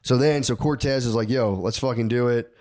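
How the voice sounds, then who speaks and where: A man's voice: mid-range voice, brisk, darkish tone. A man on a podcast telling a history story in casual, profane slang, acting out the characters' lines.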